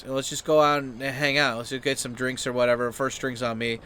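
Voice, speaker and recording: A man's voice: flat delivery, brisk, slight background noise. A man, host of his channel, telling a story as a casual rant, full of "like" and fillers and acting out the people he quotes. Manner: rambling, heavy use of "like" and fillers; acts out quoted people with sudden high, loud outbursts.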